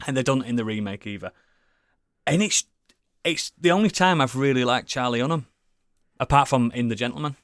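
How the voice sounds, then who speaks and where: A man chatting casually as a podcast co-host, rambling and enthusiastic, swearing often and filling pauses with ums and likes. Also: medium pitch, a bit bright, no echo, clean studio sound. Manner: rambling, enthusiastic, swears a lot, many fillers. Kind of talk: casual chat.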